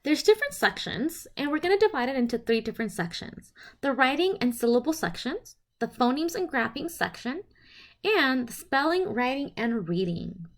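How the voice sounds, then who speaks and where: A woman presenting a phonics lesson, speaking clearly and sounding out each letter and sound one at a time. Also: high voice, big pitch swings, normal speed. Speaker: teacher presenting a literacy lesson. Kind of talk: instructional presentation.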